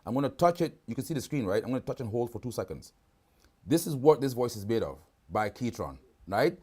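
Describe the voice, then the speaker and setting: A man's voice: medium pitch, sing-song, fairly quick, darkish tone, slightly rough. Guy demoing gear live on a video call, chatty and loose, keeps saying right?. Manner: casual, keeps asking "right?". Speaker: product demonstrator.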